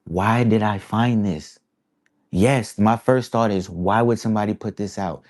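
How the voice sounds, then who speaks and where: A man with a fairly low voice speaks casually to camera as an artist sharing his thoughts. He rambles and reflects, drops slang like "bruh" and "y'all" throughout, and circles back on his ideas. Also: measured pace, a little mellow. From East Coast of the United States. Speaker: artist vlogger.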